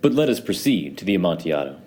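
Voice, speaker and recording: A man reading an audiobook, voicing a drunken, vain male wine connoisseur who talks in an excitable, boastful way. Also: low voice, fast talker. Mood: excited.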